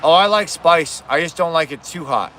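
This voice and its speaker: Man, casual live-stream chatter, swears offhandedly, bright tone, outdoor cookout, faint vehicle hum. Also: a little high, expressive, moderate pace.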